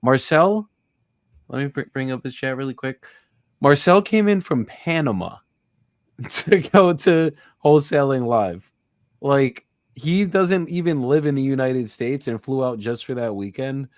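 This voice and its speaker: Young man, livestream host, excitable, joking, casual swearing, mid pitch, dry close sound. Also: measured pace, no echo.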